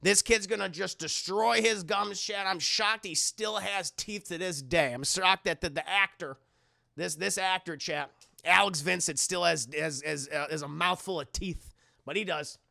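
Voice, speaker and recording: A young man casually recapping a horror film live, animated and profane, chatting to his viewers on a close mic. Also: high-pitched, unhurried, gravelly, dry recording. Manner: animated, profane, talking to chat. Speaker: streamer and film reviewer.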